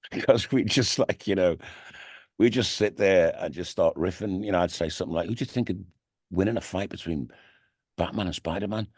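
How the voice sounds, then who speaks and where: A middle-aged Liverpool man, a radio DJ and TV presenter, is interviewed as a guest in a radio studio, rambling casually and saying "you know what I mean" a lot. His voice is deep and husky, at a moderate pace with frequent pauses, and the recording is dry with clean studio sound.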